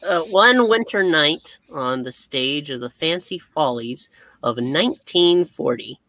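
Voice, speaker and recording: A woman's voice: low voice, expressive, measured pace, fairly bright tone, no room sound. A woman narrating a comic aloud as co-host, with amused, giggly asides. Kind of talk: reading a comic aloud with banter.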